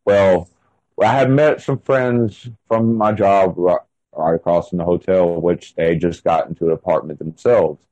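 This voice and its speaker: A man's voice: low voice, fairly even intonation, measured pace, dark tone, no room sound, lo-fi sound. A man in his thirties telling his own story in an interview, rambling and full of fillers. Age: 30s. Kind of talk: casual first-person storytelling.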